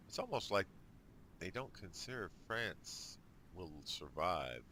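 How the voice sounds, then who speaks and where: A man's voice: low voice, background noise. A man giving casual let's play commentary on a strategy game, thinking aloud with dry jokes. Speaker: gamer.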